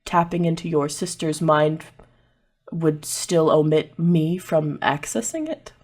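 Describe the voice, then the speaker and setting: A woman voicing an angel that speaks in a deep, booming voice inside a character's head, slow, low and hushed. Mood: ominous.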